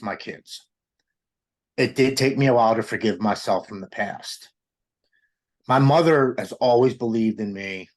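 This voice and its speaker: Earnest low-voiced man telling his story. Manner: earnest, halting with many restarts. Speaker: podcast guest. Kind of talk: candid personal recovery story.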